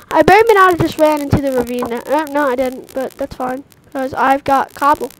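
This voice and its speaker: Young woman gamer, very high voice, jumpy and loud with silly curses, noisy home mic. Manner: excitable, yelps and silly mock swearing. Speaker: gameplay commentator. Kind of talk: casual gaming chat.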